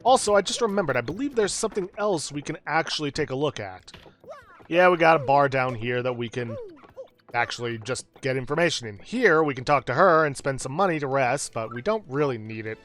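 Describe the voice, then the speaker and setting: A man's voice: mid-range voice, lively intonation, brisk, a bit bright, faint music behind. A man casually commenting on his gameplay, with a self-deprecating, hedging manner. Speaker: let's play host.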